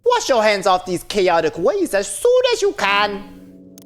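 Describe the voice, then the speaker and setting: A woman's voice: mid-range voice, huge pitch swings, a little slow, voice pushed up. A woman voicing a preachy game character who lectures a young man, in a made-up odd accent. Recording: game music behind voice.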